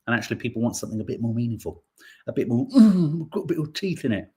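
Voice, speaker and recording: A man's voice: medium pitch, expressive, rapid-fire, darkish tone, breathy edge. Podcast guy from birmingham reading the news, jokey, voice bouncing all over the place. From Birmingham, England. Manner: jokey, playful, teasing asides. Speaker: podcast host. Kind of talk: casual chat reading out headlines and viewer comments.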